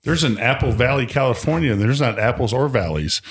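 A man co-hosting a podcast, animated as he tells stories in casual chat, often restarting his sentences. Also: mid-range voice, brisk. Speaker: podcast co-host.

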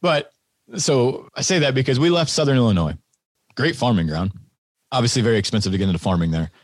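A man's voice: mid-range voice, expressive, quick pace, no room sound, studio quality. A man in his thirties, a podcast guest, telling stories in a laid-back, wry way and laughing often. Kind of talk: casual conversational storytelling.

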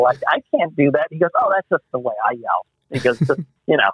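A man telling animated stories as an interview guest, acting out the voices he quotes. His voice comes through slightly husky and very dry, with no room around it. It sounds squeezed into a narrow, phone-like band. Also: fairly high pitch, fairly quick, no echo. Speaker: actor guest. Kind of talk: casual interview anecdotes. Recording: muffled phone-line sound.

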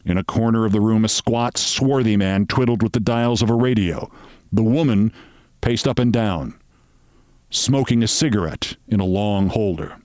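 A man, the show's host, reading a story aloud in a wry, deliberate storytelling manner. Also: on the low side, a little mellow, no echo, studio quality. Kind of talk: storytelling narration.

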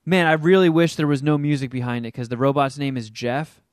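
A man's voice: mid-range voice, brisk, clear, resonant tone, no echo, studio quality. A man co-hosting a podcast, telling about a movie in rambling, profane casual chat. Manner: rambling, profane, animated storytelling. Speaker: podcast co-host.

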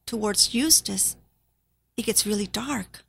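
A woman shares a personal testimony before an audience, her voice fairly high and edged with a gravelly fry. She speaks haltingly and with deep emotion, at times sinking almost to a whisper. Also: fairly bright tone. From Spanish-speaking background. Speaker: nurse.

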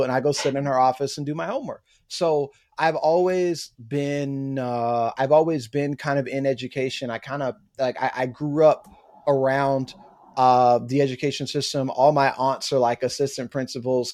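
A young adult man, a guest author, chatting casually on a podcast and telling animated stories with acted-out quotes. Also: medium pitch. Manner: animated storyteller who acts out quotes.

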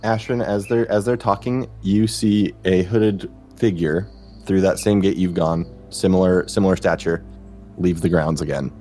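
Man, game master, tabletop narration, halting, restarts, lowish voice, faint music. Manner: relaxed, halting, many restarts.

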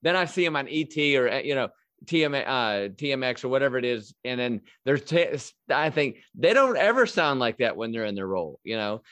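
A man's voice: mid-range voice, expressive, brisk, a bit bright, no echo. A male host asks his questions in a loose, rambling way, full of fillers and restarts, with a mid-range voice. The recording is close and dry, with no room sound. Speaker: podcast host. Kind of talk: casual interview chat.

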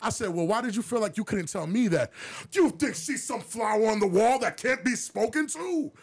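A man co-hosting a podcast who tells a story in a casual, animated way, with plenty of swearing, and puts on the voices of the people in it. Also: sits high, normal speed, husky. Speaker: podcast co-host.

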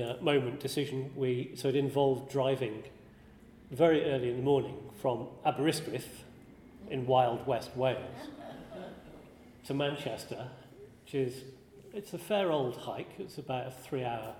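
A man from northern England tells a rambling, wry story to a live audience, poking fun at himself along the way. His voice sits at an ordinary middle pitch, and the hall adds noticeable echo with a long, trailing reverb. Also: normal speed, a little mellow, slight background noise. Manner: wry, self-deprecating, chuckling. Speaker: speaker giving a talk. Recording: echoey hall.

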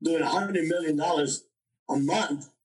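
Animated older man telling his story. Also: a little high, a little slow, far from the mic, rough recording. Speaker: interview guest. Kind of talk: storytelling in a podcast interview.

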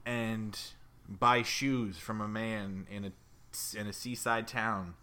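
A man's voice: lowish voice, slow pace, clear, resonant tone. A man co-hosting a podcast, telling an improvised comic story with lots of fillers and laughter. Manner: animated, hesitant fillers, laughs. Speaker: podcast co-host.

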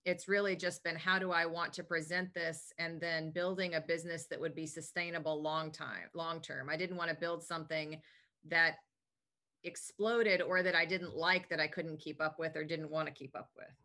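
A woman's voice: low-pitched, fairly even intonation, normal speed, sharp tone. A woman being interviewed about her health business, talking in an upbeat, talkative, enthusiastic way. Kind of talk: casual interview answers.

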